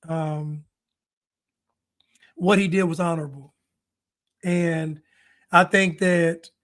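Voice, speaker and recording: Man, high voice, casual stream host, rambling commentary to chat. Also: fairly bright tone. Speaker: streamer host reacting to a video.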